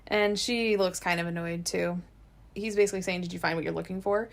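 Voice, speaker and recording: A woman's voice: fairly low pitch, fairly even intonation, brisk, gravelly. A woman co-hosting a podcast, chatting casually as she recaps scenes and reads out lines of dialogue. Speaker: podcast co-host. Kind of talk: casual episode recap chat.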